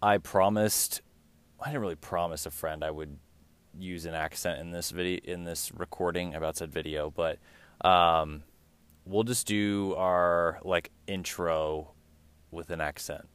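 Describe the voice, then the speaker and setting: Deep-voiced young man hosting a podcast. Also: unhurried, smooth. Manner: relaxed, rambling, many fillers. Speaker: podcast host. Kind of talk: casual solo podcast talk.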